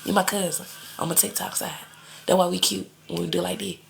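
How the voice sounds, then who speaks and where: Chatty woman reading cards live, gravelly voice. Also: fairly low pitch, very animated, brisk. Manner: chatty, calls viewers cousin and baby, laughs often. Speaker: tarot reader on a live stream. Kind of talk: casual live-stream chat.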